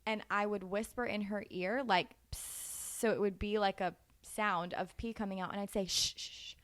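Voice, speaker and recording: A woman in her twenties giving casual, animated parenting advice in a chatty way, laughing easily. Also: medium pitch, fairly quick. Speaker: parenting vlogger.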